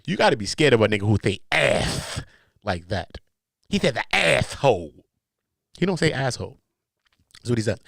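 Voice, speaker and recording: New man, comedic podcast host, profane and animated, pitch jumping all over, dry close sound. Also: normal speed, creaky, long pauses, no room sound. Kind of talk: comedic reaction commentary.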